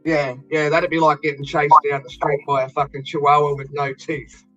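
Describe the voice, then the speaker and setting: A bright, forceful Australian man with a slightly raised voice rants bluntly and swears freely in a casual stream chat. The sound is a little dull, with faint music underneath. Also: a little high, flat delivery, moderate pace. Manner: blunt, heavily profane, fired up.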